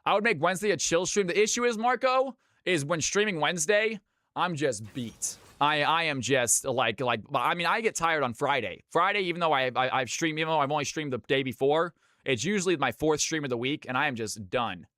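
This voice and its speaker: A man's voice: expressive, a little fast, sharp tone, dry recording, studio quality. A man from Georgia in the US, casting a live game stream with lots of energy and chatting with viewers. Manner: high-energy, hyped.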